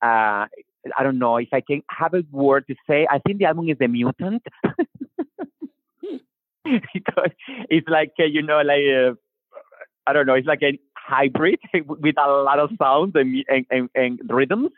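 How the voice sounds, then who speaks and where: A man with a Latin American Spanish accent and Spanish as his first language, talking about his music in a casual interview. He is animated, restarts his sentences often and acts out quotes. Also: medium pitch, a little slow, pauses often, no echo. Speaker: singer-songwriter guest. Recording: tinny phone-line call.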